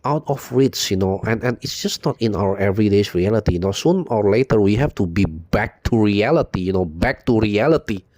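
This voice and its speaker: A man with a low, mellow voice talks straight to his viewers in a loose, unscripted monologue. He loops back on his own phrases and leans on "you know" again and again, with bitter swearing throughout. The sound is dry and close. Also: lively intonation, a little fast, hardly any pauses, no echo. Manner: rambling, repeats "you know" constantly, profane and bitter. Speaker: video blogger.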